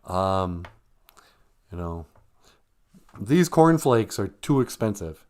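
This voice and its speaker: A man's voice: low-pitched, very animated, slow, darkish tone, a little hiss or hum. A man hosting a live stream, chatting casually in a joking, rambling way and reading out viewer comments. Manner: joking, rambling, reads chat comments aloud.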